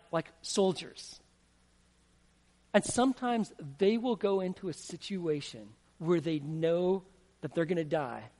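A man's voice: a little high, a little mellow. A man preaching a sermon as pastor, emphatic and asking the congregation questions. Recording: long hall reverb.

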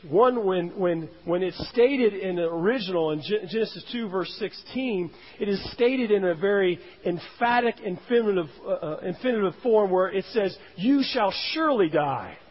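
A man's voice: sits high, moderate pace, few pauses. A man preaching a sermon as a pastor, emphatic, rising and dropping his voice to stress points. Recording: dull, roomy hall sound.

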